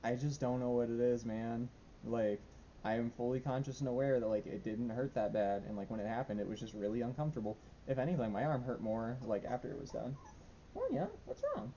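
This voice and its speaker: A man's voice: mid-range voice, fairly even intonation, fairly quick, warm tone, dull audio, slight background noise. A young man talking casually in a diary vlog at home, rambling and self-deprecating with many fillers. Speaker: vlogger. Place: home room.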